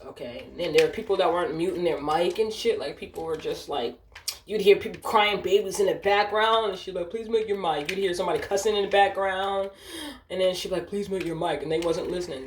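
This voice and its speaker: A woman's voice: fairly low pitch, echoey room, slight background noise. A woman telling a work story while gaming, cursing and ranting, often sidetracked. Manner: profane, ranting, easily distracted.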